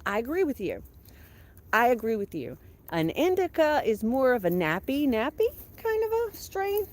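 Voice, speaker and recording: A woman's voice: on the high side, huge pitch swings, moderate pace. A woman, chatting casually on a livestream from her home kitchen, laughing often. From Southeastern Virginia. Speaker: vlogger.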